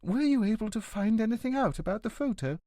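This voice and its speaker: Senhora idosa siciliana, emotiva e insistente, na voz de um homem, tom alto e suplicante, som seco. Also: male voice, lively intonation, fast talker, dark tone, no echo, clean studio sound. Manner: high, pleading, tearful outbursts. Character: elderly Sicilian headmaster's wife, emotional, insistent.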